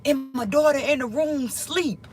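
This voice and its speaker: A vlogger with a high-pitched voice talks straight to her viewers at a slightly slow pace. She tells a heated story, swearing freely and repeating lines for emphasis.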